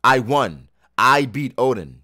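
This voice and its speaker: A man reading a manga aloud and voicing a paranoid, boastful shogun who shouts indignantly. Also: medium pitch, expressive, slow pace, no echo, clean studio sound. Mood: angry shouting.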